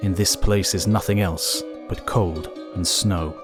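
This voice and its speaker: Man reading a stern guiding angel. Low, grave, measured delivery. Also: steady tone, music in the background. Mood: solemn. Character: stern male angel guiding through hell.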